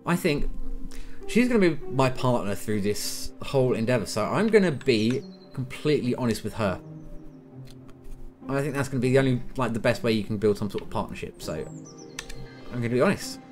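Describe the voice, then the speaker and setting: A man's voice: medium pitch, expressive, fairly quick, a little mellow, faint music behind. A man giving chatty, self-deprecating let's-play commentary, thinking aloud as he plays. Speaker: gaming YouTuber.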